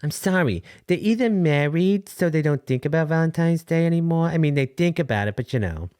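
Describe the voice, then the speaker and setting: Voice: medium pitch, expressive, fairly quick, darkish tone, clear, resonant tone, no echo, clean studio sound, natural voice. A performer voicing a chatty female caller who rambles and corrects herself.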